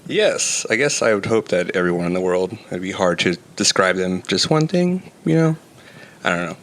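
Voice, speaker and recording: A man's voice: low-pitched, expressive, moderate pace. A young adult man, a comedian guest in a casual chat, loose and self-mocking, who laughs often.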